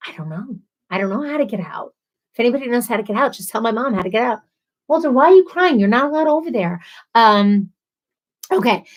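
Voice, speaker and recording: A woman's voice: a little high, fairly bright tone, poor audio. Chatty woman hosting a livestream. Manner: reads viewer comments aloud and chats, bubbly and chatty. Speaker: livestream host. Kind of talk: casual livestream chat.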